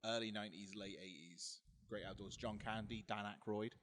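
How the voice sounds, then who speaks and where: A man's voice: on the low side, steady tone, normal speed, noisy background. A man co-hosting a casual podcast, teasing his friend and telling stories with plenty of laughs. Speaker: podcast co-host. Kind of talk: casual banter.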